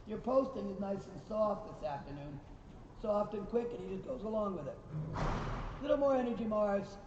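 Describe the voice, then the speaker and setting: A man coaches a riding lesson in an arena, expressive and brisk in a high voice, offering praise to the horses and corrections to the riders. Recorded far from him, the clip is distant, echoey and dull, with background noise.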